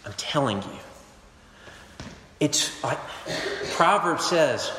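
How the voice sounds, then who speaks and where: A male pastor preaching a sermon, telling stories with animated swings between emphatic and hushed delivery. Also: mid-range voice, moderate pace, slight background noise. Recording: echoey hall with long reverb.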